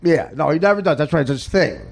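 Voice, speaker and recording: A man, hosting a podcast and telling stories in casual chat, animated and laughing often. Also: on the high side, fast talker, vocal fry. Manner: animated, laughs often, does voices of others. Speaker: podcast host and comedian.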